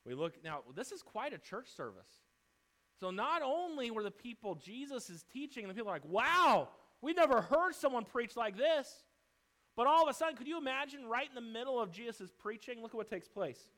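A male pastor preaching a fervent, emphatic sermon in church, swinging between loud declarations and quieter asides. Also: very high-pitched, big pitch swings, fast talker.

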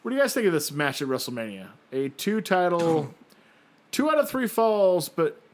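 A man co-hosting a podcast with a lively, up-and-down delivery. He chats loosely and swears freely as he weighs in. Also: on the high side, moderate pace. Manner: lively, swears, laughs along. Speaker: podcast co-host. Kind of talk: casual chat.

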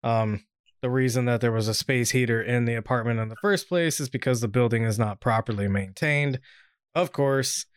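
A man hosts a podcast at a middle pitch, talking in a laid-back way. He drifts through fillers and restarts and laughs easily. The sound is dry and close, with no room around it. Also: moderate pace, clear, resonant tone, no room sound. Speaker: podcast host. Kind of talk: casual podcast chat.

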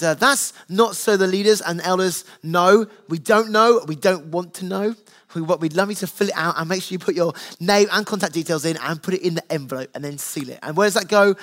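A male pastor with a fairly high voice delivers a sermon in an earnest, conversational way. He talks to his congregation like he's chatting across a kitchen table. His stories come from his home life with his kids. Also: a bit bright. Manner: earnest, conversational preaching with family anecdotes.

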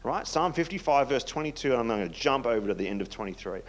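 A man delivering a relaxed, conversational sermon with a voice of ordinary middle pitch. He talks in a chatty, self-deprecating way and often sinks into a soft, hushed tone. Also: fast. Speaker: pastor.

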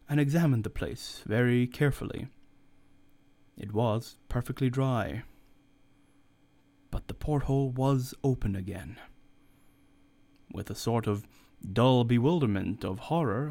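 A man reading a story aloud as narrator, steady and measured. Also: mid-range voice. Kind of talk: audiobook reading.

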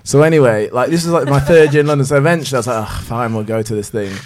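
A man's voice: medium pitch, very fast, a little mellow, slight background noise. A young man in casual chat, giggling and making fun of himself. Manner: giggly, self-mocking.

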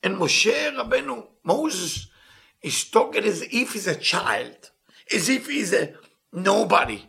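A man teaching a Talmud story with impassioned, earnest storytelling, reading Hebrew text quickly and then retelling it in plain English. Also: high voice, big pitch swings, gravelly, pushed and bright. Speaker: Torah teacher.

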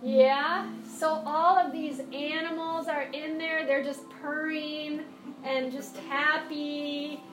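A woman yoga teacher with a high voice speaks slowly, her intonation fairly even. Guiding a children's class in a classroom or studio, she's playful and encouraging with sing-song animal cues, while music plays behind her in the echoey room.

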